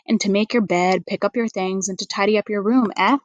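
A woman reading a storybook aloud, voicing an upset young boy with a pleading, slightly higher tone. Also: fairly even intonation, a little fast, dry recording, lo-fi sound, lightly acted.

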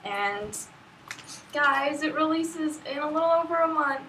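A woman's voice: high-pitched, lively intonation, unhurried, distant mic, background noise. A woman author chatting expressively straight to her camera's viewers, recorded at home. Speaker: author unboxing her book. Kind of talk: casual vlog to camera. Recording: echoey room, voice off-mic.

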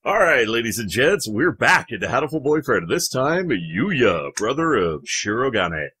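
Animated let's-play gamer man. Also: medium pitch, a little slow, slightly rough. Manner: animated, joking, swears casually. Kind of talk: let's-play narration reading a visual novel.

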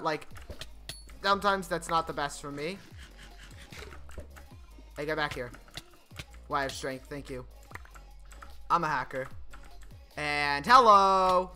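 A man streaming gameplay, chatting casually, getting excited and laughing often. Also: fairly high pitch. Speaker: gaming streamer. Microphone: desk microphone.

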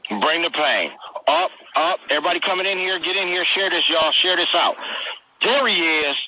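A man hosting a live streamed interview, talking in an energetic, slangy hype style and repeating himself a lot. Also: high-pitched, brisk, gravelly, muffled recording. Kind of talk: hyped casual live interview.

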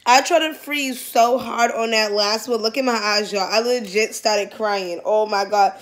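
Giggly slangy woman, a little high. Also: steady tone, moderate pace, few pauses. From Massachusetts. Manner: giggly, slangy, profane, talks straight to viewers. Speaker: vlogger. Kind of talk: casual chat on a video chat app.

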